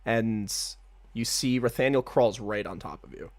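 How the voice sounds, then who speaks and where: A man narrating a tabletop game as game master in a casual, excitable way, swearing freely. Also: on the low side, a little slow, no echo.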